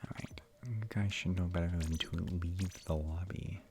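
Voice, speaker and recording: A young man streaming a game late at night, talking quietly and half-whispering in a rambling, restarting way so he won't wake his sister. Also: low voice, fairly even intonation, moderate pace. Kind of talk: quiet live stream chat while playing. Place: room at home at night. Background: game music.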